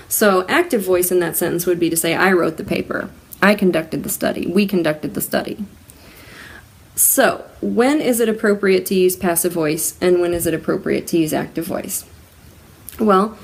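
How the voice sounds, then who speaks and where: A woman's voice: medium pitch, vocal fry. A woman hosting a writing-tips lesson, explaining grammar rules in a casual, conversational way with spoken examples.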